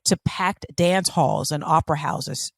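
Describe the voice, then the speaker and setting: A woman's voice: sits low, unhurried, dry recording, studio quality. A woman co-hosting a podcast, telling a story in casual chat, laughing often and voicing people in quotes. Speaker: podcast co-host.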